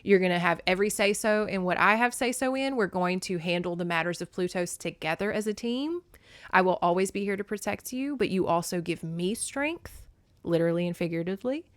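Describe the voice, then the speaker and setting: A woman voicing a gentle, protective male god of the underworld, speaking tenderly and reassuringly. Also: fairly low pitch, brisk, no echo, lightly acted. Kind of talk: retelling a novel.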